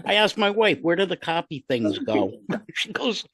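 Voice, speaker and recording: A man in his sixties co-hosting a casual podcast, halting and self-deprecating, full of fillers. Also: fairly high pitch, sing-song, fairly bright tone, dry recording. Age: 60s. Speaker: podcast co-host.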